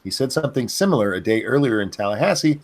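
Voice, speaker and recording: A man co-hosting a casual livestream chat, with dry, deadpan jokes and loose asides. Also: medium pitch, fast talker. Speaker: podcast co-host.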